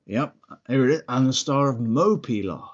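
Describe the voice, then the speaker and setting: A man's voice: mid-range voice, expressive, moderate pace, lo-fi sound, slight background noise. A man playing a tabletop game, chatting and joking with the table. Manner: playful, joking banter. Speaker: player. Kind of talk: casual tabletop game chat.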